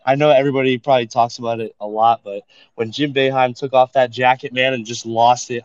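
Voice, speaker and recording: A man in a casual online chat, speaking in a measured way. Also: mid-range voice, no echo. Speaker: participant. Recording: dull lo-fi dry audio.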